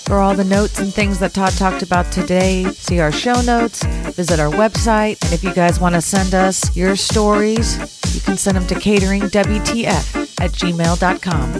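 A woman's voice: medium pitch, unhurried. A woman co-hosting a podcast, reading the show's outro in a breezy, playful way, with music behind her. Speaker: podcast co-host.

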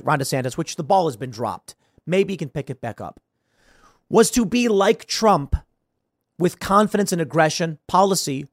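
A man hosting a podcast, giving casual political commentary with an animated, sarcastic delivery that swings between loud bursts and mumbled asides. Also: fairly high pitch, dry recording, studio quality. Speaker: podcast host.

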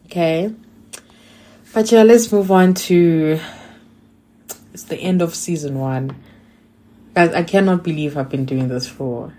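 A young woman from South Africa hosting her own podcast, chatting casually and excitedly with many "like" fillers. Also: sits low, takes it slowly, pauses often. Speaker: podcast host. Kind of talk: casual solo podcast monologue.

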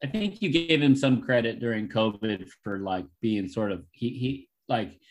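A man's voice: mid-range voice, lively intonation, normal speed. A man in a casual podcast conversation, speaking hesitantly and often repeating words as he works out his point.

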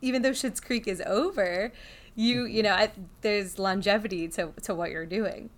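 A woman's voice: mid-range voice, normal speed. A woman interviewing a guest, enthusiastic and chatty. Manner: warm, enthusiastic fan of the guest. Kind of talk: casual interview.

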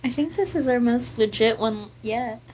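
A woman's voice: fairly high pitch, moderate pace, darkish tone, slight background noise. A woman in her twenties co-hosting a podcast, chatting casually, rambling through stories and laughing often. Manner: giggly, rambling storyteller. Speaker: podcast co-host. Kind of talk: casual chat.

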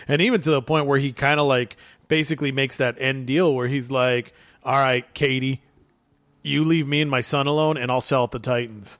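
A man's voice: fairly high pitch, fairly quick, dry recording. Enthusiastic man in a dry room. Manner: enthusiastic, rambling, quotes characters in an animated way. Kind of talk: casual chat about comics.

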